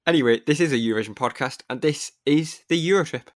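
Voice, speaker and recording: A man with a Geordie accent from Newcastle, co-hosting a casual podcast in an upbeat, jokey way. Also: fairly high pitch. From Newcastle upon Tyne, England. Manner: upbeat, jokey, quick bursts of speech. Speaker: podcast co-host.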